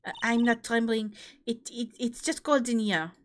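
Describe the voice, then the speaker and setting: A woman's voice: a little high, moderate pace, slight background noise, lightly acted. Woman reading a nervous young lady lawyer, stammery and flustered. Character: nervous young female defense attorney.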